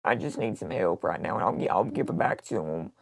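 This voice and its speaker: A woman's voice: rumbling low, expressive, a little fast, vocal fry, full character voice. A woman playing a worn-out, crude older woman on a prank phone call. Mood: flat, pleading. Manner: crude, rambling complaints. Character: worn-out older Southern woman, crass and blunt. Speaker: prank caller.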